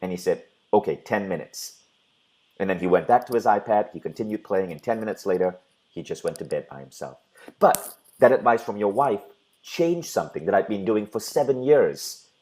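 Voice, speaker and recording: A man with a fairly low voice hosts a conversational talk show. He is earnest, tells a personal story at length and quotes the people in it as he goes. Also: lively intonation, normal speed, darkish tone, poor audio. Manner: earnest, retells scenes with quoted dialogue. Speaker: host.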